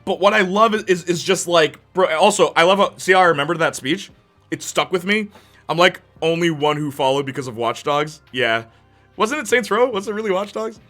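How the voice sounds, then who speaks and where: Hyped guy rambling on his stream about games, bright punchy voice. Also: sits high, a little fast, soft background music. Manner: excited, rambling, geeking out over games. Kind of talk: casual chat on a live stream.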